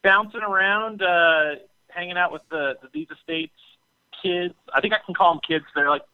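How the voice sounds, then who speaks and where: A man on a tinny phone line calls into a talk show, his pitch sitting a bit high and swinging up and down a lot. He chats casually and stops often on filler pauses, with a dry, close sound despite the phone. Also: lively intonation, clean tone, no echo. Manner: halting, many filler pauses. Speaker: caller. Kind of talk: casual chat on a call-in show.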